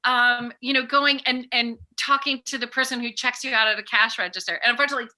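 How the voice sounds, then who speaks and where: Animated bright-voiced middle-aged woman. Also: a little high, fast talker. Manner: animated, acts out remembered dialogue. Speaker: guest, author and peace educator. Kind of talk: casual podcast conversation.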